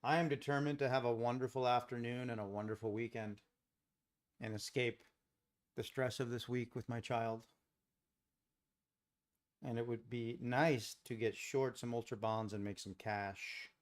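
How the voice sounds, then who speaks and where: A man hosts a live day-trading stream in an easygoing, rambling way, drifting between chart talk and stories. He chuckles often, and his voice sits at an ordinary middle pitch. He grew up in Los Angeles. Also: steady tone, unhurried, long pauses. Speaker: day trading livestream host. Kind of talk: casual live commentary, chatting with viewers. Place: home trading setup.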